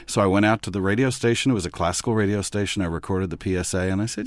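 A man from Texas, a radio host, guesting on a podcast and telling stories in an articulate, measured way. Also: deep voice, fairly even intonation, no echo, studio quality. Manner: articulate, measured storytelling with fillers. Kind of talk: conversational interview.

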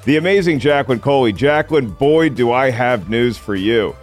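A man's voice: medium pitch, lively intonation, moderate pace, faint music behind. A man hosting a casual movie podcast, chatty and joking as he reads listener mail. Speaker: podcast host.

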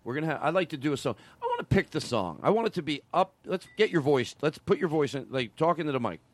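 A man's voice: a little high, sing-song, fast talker. A man hosting a loose comedy podcast, rambling, laughing often and trailing off mid-sentence. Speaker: host.

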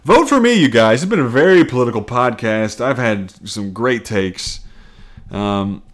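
A man's voice: medium pitch, a little slow. A man hosting a casual solo comedy podcast, rambling and profane, self-deprecating, and laughing often. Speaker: podcast host.

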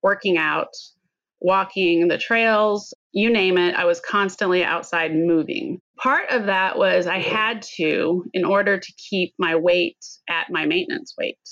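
Casting note: middle-aged woman guest sharing a personal story, earnest and candid, slightly low voice, dull lo-fi line. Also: unhurried, a bit bright, no echo. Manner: earnest, candid, at times choked up. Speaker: podcast guest.

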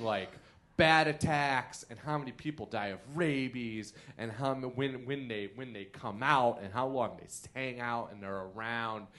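Comedian guest, man, mid-pitched, animated storyteller who laughs through his lines and jumps high for quoted voices. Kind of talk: comic storytelling on a podcast. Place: theater stage.

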